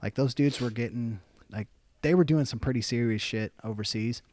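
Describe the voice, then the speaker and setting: A man's voice: medium pitch, moderate pace, dry recording. Young male podcast guest, army vet, swears a lot, acts out the quotes, dry close sound. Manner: profane, animated storyteller acting out quotes. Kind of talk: casual storytelling.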